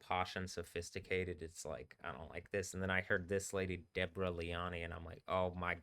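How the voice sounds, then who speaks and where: A man's voice: low-pitched, little pitch movement, brisk, a bit bright. A man hosting a live stream, rambling casually with many fillers and bursts of laughter.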